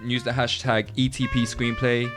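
A man's voice: medium pitch, flat delivery, normal speed. A young man co-hosting a podcast, rambling and stumbling over his words in casual chat. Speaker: podcast co-host. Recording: music playing behind.

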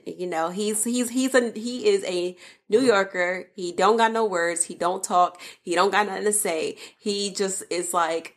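A woman's voice: mid-range voice, a little slow. A woman telling a story with animation in a casual chat with her partner, acting out the quoted lines. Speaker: wife co-host.

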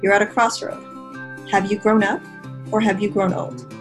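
A woman's voice: medium pitch, little pitch movement, normal speed, music in the background, low-quality recording. A woman giving a declamatory, challenging dramatic reading during a worship service.

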